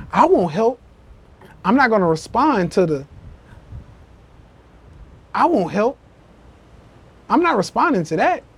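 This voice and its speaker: A man hosting a live social media rant podcast, talking in an emphatic, profane and repetitive way, acting out quotes with animation. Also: high voice. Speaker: podcast host. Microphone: phone.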